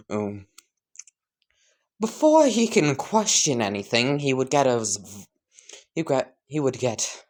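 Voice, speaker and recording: A man casually narrating an improvised fan story, rambling and laughing to himself. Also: medium pitch.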